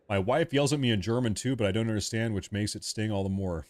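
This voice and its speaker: A man's voice: on the low side, a little mellow, no echo. A man hosting a live stream of political commentary. He reacts to viewer chat in an emphatic, repetitive way, joking about being a little irritable.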